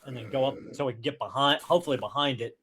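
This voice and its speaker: A man playing a tabletop game, laying out plans in a halting way with many fillers. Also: medium pitch, bright, forceful tone. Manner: hesitant, halting planning with fillers. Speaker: player. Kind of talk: casual tabletop game play.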